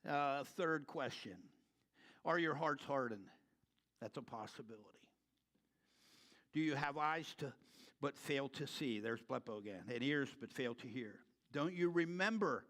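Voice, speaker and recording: A man's voice: mid-range voice, animated, unhurried, pauses often, a bit bright. A male pastor preaching in a church. He speaks in a loose, conversational way, then rises into fervent emphasis. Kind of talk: sermon. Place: church sanctuary.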